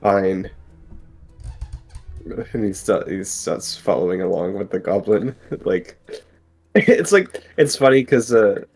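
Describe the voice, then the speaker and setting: A man playing a tabletop game, laid-back and halting, repeating words as he goes. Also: on the low side, a little mellow, faint music behind. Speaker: player.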